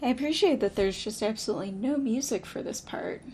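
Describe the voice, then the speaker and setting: A woman playing a mystery game and giving casual, wry, low-key commentary. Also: fairly quick, noisy background. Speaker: let's play gamer.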